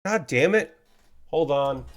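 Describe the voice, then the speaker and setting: Frustrated male streamer, rambling chat with fillers, voice a touch high. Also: animated, takes it slowly. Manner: rambling, with many fillers and swearing. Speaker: streamer building model kits. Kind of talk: casual live-stream chat.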